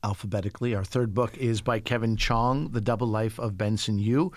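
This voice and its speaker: A male radio host guiding a book discussion with brisk questions. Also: lowish voice, no echo. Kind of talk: radio interview.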